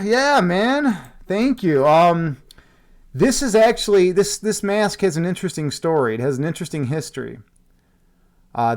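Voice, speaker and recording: Rambling, jokey man chatting with viewers. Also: high-pitched. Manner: rambling, jokey, self-mocking, laughs often. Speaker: streamer hosting a Halloween stream. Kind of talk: casual chat with viewers.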